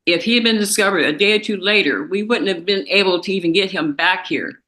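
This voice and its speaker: A woman's voice: mid-range voice, brisk, pushed and bright. A woman from the victim's family speaking in a courtroom, unscripted and rambling, reproachful toward the defendant. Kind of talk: victim impact statement in court.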